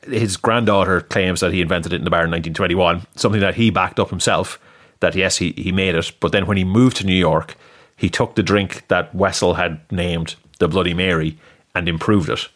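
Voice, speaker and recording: Male podcast co-host, low voice, chatty quizmaster who laughs at his own stumbles. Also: steady tone, brisk, fairly bright tone. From has lived in the US. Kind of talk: casual quiz chat.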